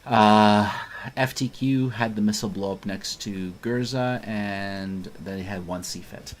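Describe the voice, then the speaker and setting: A man's voice: lowish voice, slow, slight background noise. A man hosting a live stream, calling a competitive match in a casual, joking way. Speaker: host.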